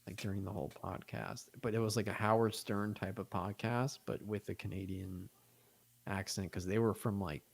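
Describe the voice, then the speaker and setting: A man's voice: lowish voice, steady tone, moderate pace, creaky. A man chatting casually as a podcast guest, rambling through stories with many fillers. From United States.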